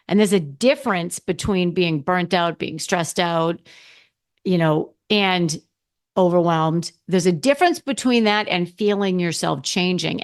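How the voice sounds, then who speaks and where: A middle-aged woman hosting her own podcast, talking casually and candidly, often restarting and correcting herself. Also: lowish voice. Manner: candid, rambling with frequent restarts and self-corrections. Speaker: podcast host. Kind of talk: casual solo podcast talk.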